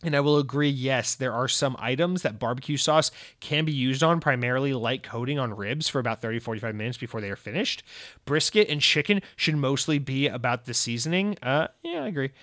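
A man hosts a casual podcast in a loose, rambling way, cracking jokes and swearing freely. He often restarts his sentences mid-thought. His voice sits at a middling pitch, recorded close and dry. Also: brisk, a bit bright, no echo. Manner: rambling, profane, jokey, frequent restarts. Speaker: podcast host.

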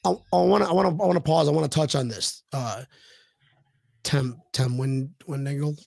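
Excitable gravelly-voiced sports podcast host. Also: male voice, fairly high pitch, fairly quick, no echo. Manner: excitable, stammering restarts, reads viewer comments. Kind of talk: casual sports chat on a livestream.

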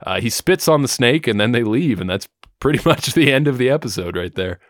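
Male podcast co-host, mid pitch, dry close sound, loose profane recap delivery. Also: brisk, no room sound. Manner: relaxed storytelling, swearing, filler words. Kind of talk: casual chat recapping a show.

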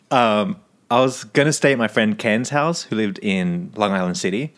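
A man from Australia, co-hosting a podcast and telling a story in casual, animated chat with frequent swearing. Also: mid-range voice, a little slow. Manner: animated, swears, laughs often. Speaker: podcast co-host.

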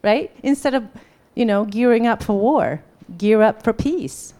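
A woman's voice: on the high side, a little slow. A woman teaching a live class in a conversational way, often checking in with her listeners and acting out bits of dialogue. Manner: animated, acts out quoted dialogue. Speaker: workshop teacher.

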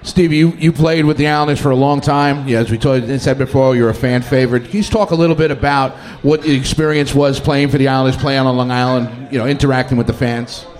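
A man's voice: medium pitch, fairly even intonation, quick pace, few pauses, darkish tone. A man co-hosting a live interview, asking questions in a stumbling, conversational way. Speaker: co-host interviewer.

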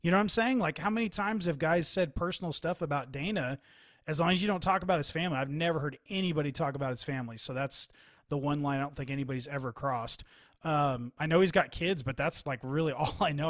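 A man co-hosts a relaxed sports talk show. He speaks in animated bursts, often restarting his sentences. His voice sits a bit high, and the recording is dry and close. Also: fast, no echo. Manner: animated, quotes others, many restarts. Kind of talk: casual sports chat.

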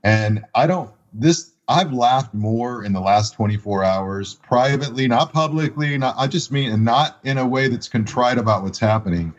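A man's voice: medium pitch, moderate pace, few pauses. A man, a pastor, talking frankly and reflectively on a panel, laughing easily. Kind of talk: conversational panel discussion. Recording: dull lo-fi audio.

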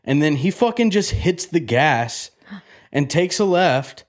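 A man casually telling a story on a podcast, animated and profane, acting out the other people in it. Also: fairly high pitch, unhurried. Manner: animated, profane, acts out quotes in a loud excited voice.

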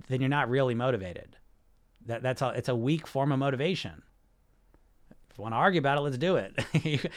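A man's voice: mid-range voice, lively intonation, fast talker, fairly bright tone. A man hosting a podcast, talking bluntly and with plenty of swearing about weight loss and the subconscious mind, firing rhetorical questions at his listeners. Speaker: podcast host, hypnosis weight-loss coach. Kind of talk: casual podcast monologue.

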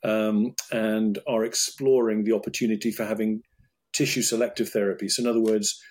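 British surgeon with a husky voice. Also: male voice, on the low side, little pitch movement, a little fast, darkish tone. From United Kingdom. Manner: thoughtful, with many restarts and repeated words. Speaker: urologist guest. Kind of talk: interview conversation.

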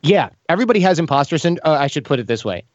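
A man in an interview, telling lively stories and acting out the voices of the people in them. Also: fairly high pitch, racing, no room sound, lo-fi sound. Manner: animated, acts out quoted voices. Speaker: podcast host as guest. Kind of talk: casual storytelling interview.

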